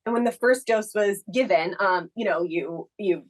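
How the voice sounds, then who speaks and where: A woman's voice: medium pitch, normal speed, poor audio. A woman co-hosting a podcast, telling a personal story in casual chat, reflective and full of the filler "like". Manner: reflective, leans heavily on the filler "like". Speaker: podcast co-host.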